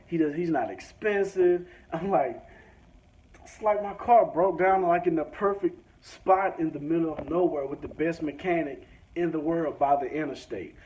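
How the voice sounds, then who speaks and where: A man telling a story as a rant, swearing freely and acting out both sides of the conversation. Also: on the high side. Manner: profane, animated, acts out both sides of conversations. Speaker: vlogger. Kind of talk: ranting storytelling. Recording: dull lo-fi sound with faint background hiss.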